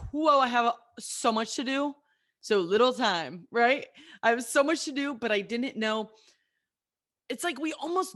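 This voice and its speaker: A woman in her late twenties hosting a solo motivational podcast, talking candidly and with energy straight to her listeners. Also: mid-range voice. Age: 20s. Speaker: podcast host and coach.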